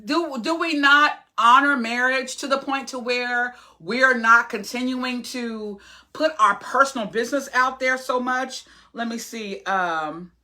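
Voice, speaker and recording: A woman in her forties with a bright, clear-toned voice, vlogging straight to her followers. She rambles in a chatty way, full of fillers and restarts, and gets earnest and opinionated. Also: a little high, measured pace. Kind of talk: casual vlog talk to camera.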